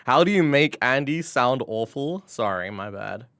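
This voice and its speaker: A playful British man hosts a casual live-stream chat, his pitch bouncing lively from low to high as he reacts to viewers. He talks at an unhurried pace and giggles often. The sound is dry and close. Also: clean tone, no echo. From Britain.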